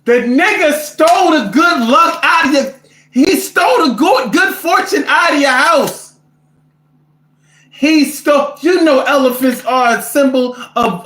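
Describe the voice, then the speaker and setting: Casting: high-pitched man, comic ranter in an echoey room. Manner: animated, profane, rants with repetition. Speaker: host reading viewer comments. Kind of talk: casual comedic storytelling.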